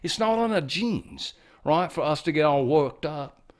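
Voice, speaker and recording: A man's voice: a little high, animated, unhurried, pitched above the performer's own voice. A man putting on a shrugging, unbothered Brit. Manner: mild, resigned, laid-back. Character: mock calm British man, shrugging and unbothered.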